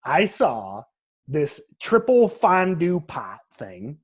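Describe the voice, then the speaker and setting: Husky-voiced man rambling in casual chat. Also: fairly high pitch, very slow. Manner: rambling, restarts, relaxed slang. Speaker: podcast co-host.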